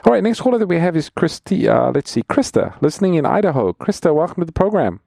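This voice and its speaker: A man's voice: fairly high pitch, very animated, fast talker, gravelly, mellow, no echo, studio quality. A man co-hosting a call-in radio Bible show as pastor, introducing callers and reading out offers in an announcer-like way.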